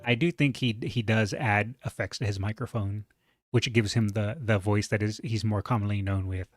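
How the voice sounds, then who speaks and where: A man with a moderately deep voice reacting to a video in a relaxed, chatty way, thinking aloud with fillers. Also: normal speed, faint music behind. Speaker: reaction streamer. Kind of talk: casual reaction commentary.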